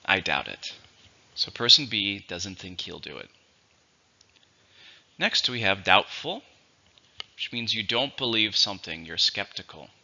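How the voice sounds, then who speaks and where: A man teaching English vocabulary, dictating words slowly and clearly, with a patient teacher's manner. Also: fairly low pitch, animated, bright, forceful tone. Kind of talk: vocabulary lesson. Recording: dull lo-fi recording.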